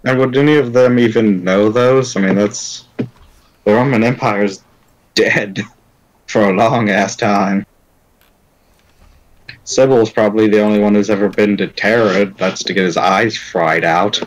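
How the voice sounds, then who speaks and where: A man with a very deep voice plays in a tabletop role-playing game. He talks hesitantly and rambles, often restarting his sentences as he feels his way through his character's words. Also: steady tone, measured pace, long pauses, low-quality recording. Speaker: player. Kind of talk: casual tabletop role-play.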